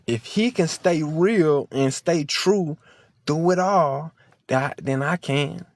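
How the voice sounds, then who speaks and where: Slow and somewhat high-voiced, a man delivers an emotional vlog straight to the camera. He preaches with passion, curses freely, and sounds near to crying.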